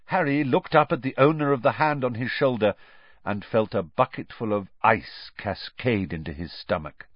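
A man narrating a story aloud in an expressive storytelling manner. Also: lowish voice, moderate pace, no echo. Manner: expressive storytelling with lively rises and falls. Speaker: audiobook narrator. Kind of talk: scripted narration. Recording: dull, dry studio recording.

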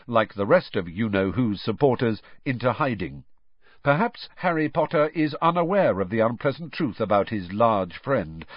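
A man reading a story as an audiobook narrator, expressive and dramatic. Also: medium pitch, slightly rough, dry recording. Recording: dry, slightly dull studio audio.

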